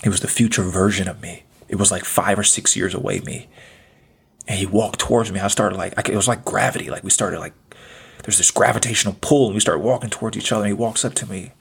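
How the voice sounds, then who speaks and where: Speaking fast with vocal fry, this podcast host has a fairly low, slightly rough voice. In his thirties, he runs a spiritual self-help show, earnest and casual in manner, dropping slang and repeating phrases to drive points home.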